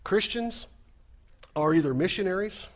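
A man preaching a sermon, animated and humorous, talking fast. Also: high-pitched. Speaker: pastor.

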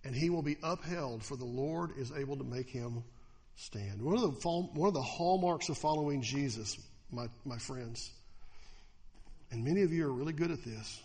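Animated male pastor in a reverberant hall. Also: medium pitch, normal speed. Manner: animated, acts out quoted attitudes in mocking voices. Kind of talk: sermon.

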